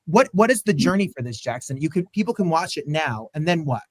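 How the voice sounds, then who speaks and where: A man's voice: fairly high pitch, very animated, a little fast, no echo. A man hosting an interview, upbeat and enthusiastic, questioning his guests. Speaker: host.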